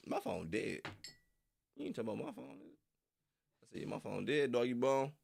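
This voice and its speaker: Laughing young man, lively gravelly voice. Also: moderate pace. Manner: loose, laughs often, slangy, jumps into high squeals. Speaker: streamer reacting to videos. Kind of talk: casual chat with live viewers.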